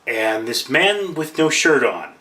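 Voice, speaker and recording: A man talks straight to his camera in a rambling, self-deprecating monologue. His voice is bright and forward. He sits back from the mic in a roomy, echoing space. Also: mid-range voice, sing-song, takes it slowly, far from the mic. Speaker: vlogger.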